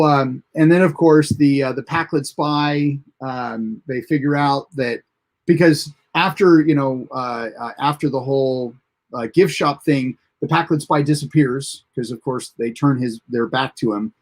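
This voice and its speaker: A man's voice: medium pitch, measured pace, gravelly, a little mellow. A man hosting a casual live TV episode review, recapping the plot in a rambling way with many fillers and restarts and chuckling at the funny parts. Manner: chuckles at funny moments while recounting. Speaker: host of a TV episode review show.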